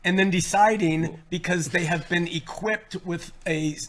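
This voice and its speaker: A middle-aged man speaking as an interview guest, earnest and self-reproaching, emotional, his voice swinging from a low murmur to loud. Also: unhurried.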